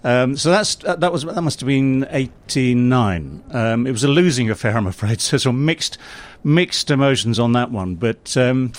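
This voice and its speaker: A man's voice: medium pitch, normal speed. A man in his sixties, a former England cricket captain, reminiscing in a casual outdoor radio interview with plenty of fillers. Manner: relaxed and reminiscing, with many fillers.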